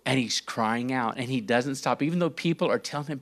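A man preaching a sermon, reading scripture verses and asking rhetorical questions, with big dramatic swings in pitch and volume. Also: brisk, hardly any pauses. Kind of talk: sermon teaching.

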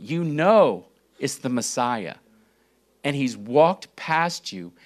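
A man preaching a sermon, reading scripture verses and asking rhetorical questions, with big dramatic swings in pitch and volume. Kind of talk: sermon teaching.

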